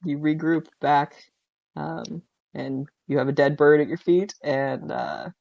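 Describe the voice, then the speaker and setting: A man's voice: a little high, fairly even intonation, a little slow, creaky, a little mellow, no room sound, dull audio. A man running a tabletop game as game master, laughing often through rambling rules explanations.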